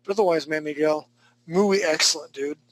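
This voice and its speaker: A man's voice: fairly high pitch, fairly quick, rough recording. A man teaching a live online drawing class, critiquing student work in a joking, laid-back, chatty way. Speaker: art instructor.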